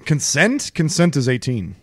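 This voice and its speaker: Guy on a comedy podcast, laughs a lot, bouncy pitch, dry close sound. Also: sing-song, normal speed, no room sound. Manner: laughs a lot, stumbles over names. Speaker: podcast co-host. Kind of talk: casual comedy podcast chat.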